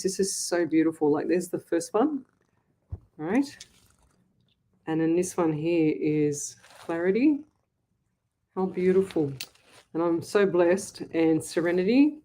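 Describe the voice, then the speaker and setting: An Australian psychic medium hosts a casual livestream from her home office over a webcam mic, chatting effusively and often restarting her sentences. Her voice is lowish, mellow and slightly slow, and the audio is poor.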